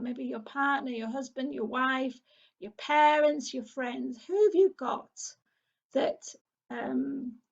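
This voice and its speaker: A woman's voice: sits high, gravelly, slightly rough, highs cut off. A middle-aged woman from England who leads a parenting group, talking in an earnest, encouraging way. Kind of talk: casual spoken talk.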